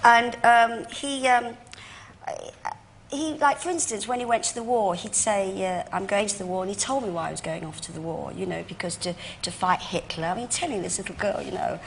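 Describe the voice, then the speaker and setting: A woman's voice: medium pitch, moderate pace, vocal fry, a little hiss or hum. A woman in her sixties from London with a Cockney accent, chatting as a chat show guest and calling people darlings. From London, England. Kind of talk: casual chat show interview. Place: TV studio with audience.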